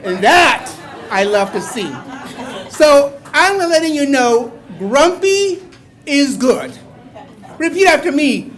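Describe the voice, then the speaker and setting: Older man telling a wry story slowly. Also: extremely high pitch, sing-song, a faint crowd. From Mexico. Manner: playful, wry, bursts into loud exclamations. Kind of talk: live stage storytelling. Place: small bar venue before a live audience.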